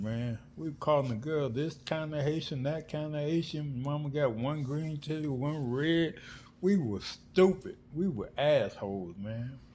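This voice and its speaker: A middle-aged man from South Florida telling family stories in an animated, slangy vlog monologue, acting out the people he quotes. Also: a little high. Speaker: vlogger. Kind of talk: casual storytelling monologue. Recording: faint background noise.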